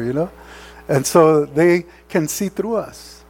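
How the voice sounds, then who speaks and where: A man's voice: fairly high pitch, expressive, a little slow, darkish tone, breathy edge. A man preaching a sermon as pastor, earnest and conversational, often checking in with rhetorical questions. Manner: earnest, exhorting.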